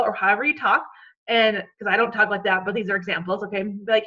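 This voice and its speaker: A woman's voice: medium pitch, steady tone, fast, fairly bright tone, muffled recording. A woman coaching her team on a call in a chatty, encouraging way, checking in often with "okay?".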